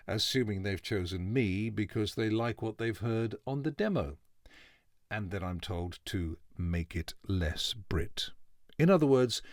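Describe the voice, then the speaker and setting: Wry, measured man with neutral British English. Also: on the low side, dry recording, clean studio sound. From England. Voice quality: clear, well-enunciated delivery. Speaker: voice artist. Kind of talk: scripted spoken essay.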